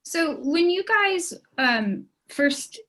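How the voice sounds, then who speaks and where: A woman interviewer asking gentle questions and offering brief soft backchannels. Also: very high-pitched, lively intonation, very slow.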